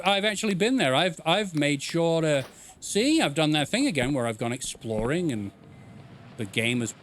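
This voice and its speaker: A man's voice: on the high side, fairly bright tone, slight background noise. A man streaming a video game live, rambling and joking, swearing freely as he explains the story. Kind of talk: live gameplay commentary. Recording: game music playing behind.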